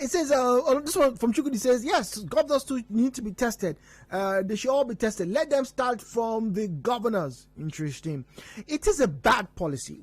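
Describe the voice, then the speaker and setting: Nigerian male radio host, measured and explanatory, lively intonation, dry booth with soft music under. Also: extremely high pitch, no room sound. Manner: measured, explanatory, reads listener messages aloud. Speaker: radio talk show host. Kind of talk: call-in radio talk show. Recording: dry studio mic with faint music bed.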